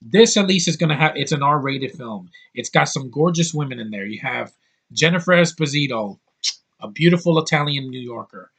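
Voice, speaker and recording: A man's voice: medium pitch, animated, moderate pace, vocal fry, a bit bright, husky. A man in his thirties talking through a DVD haul in a casual vlog, blunt and opinionated, rambling with crude outbursts. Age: 30s. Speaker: YouTube reviewer.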